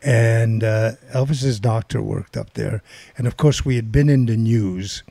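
In a dry recording, an older man with a creaky, medium-pitched voice speaks at a measured pace. He rambles through a long anecdote in casual conversation, animatedly voicing the people involved.

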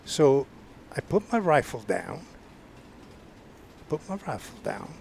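Older Southern US podcast guest, storyteller, stammers and restarts, voice in the middle range. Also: male voice, medium pitch, big pitch swings, slow, creaky, darkish tone, a little hiss or hum. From Georgia, US. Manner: rambling, stammering restarts, sound effects. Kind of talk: casual storytelling.

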